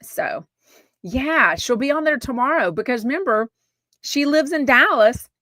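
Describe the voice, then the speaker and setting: A woman's voice: high voice, measured pace, dry recording. A woman from Texas with a Southern accent hosting a podcast, gossiping frankly and casually, swearing now and then and answering live comments. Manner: chatty, frank, swears casually, lively asides. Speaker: podcast host.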